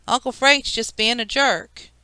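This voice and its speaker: A woman's voice: a little high, measured pace, clean tone, no room sound, pitched above the performer's own voice. A woman reading an audiobook, voicing a whiny, defiant young boy who talks back. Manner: whining, shouting back.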